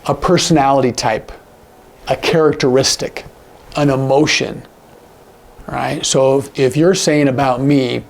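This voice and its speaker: A man teaching sign language in a casual, animated way, acting out example lines with big jumps in his voice. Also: medium pitch, unhurried, gravelly, long pauses. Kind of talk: casual instructional talk.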